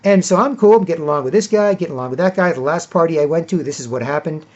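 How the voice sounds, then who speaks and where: A man's voice: fairly high pitch, lively intonation, racing, a little mellow. A man telling a long casual story in a rambling way, tagging his sentences with "right?" and "whatever". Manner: acts out other people in a raised, mocking voice. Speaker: vlogger. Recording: dull lo-fi recording.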